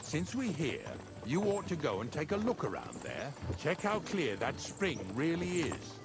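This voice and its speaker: A man's voice: on the high side, huge pitch swings, a little slow, full character voice. An actor playing a coarse, joking male knacker in a video game, blunt and folksy. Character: coarse, joking male knacker who hauls dead animals. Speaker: game character. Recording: game audio with loud ambient noise.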